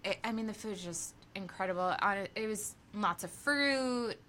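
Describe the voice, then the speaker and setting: A woman guest on a podcast, talking about her work in an animated, enthusiastic way and laughing often. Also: mid-range voice, normal speed. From United States. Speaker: podcast guest, aerial yoga teacher. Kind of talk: casual podcast chat.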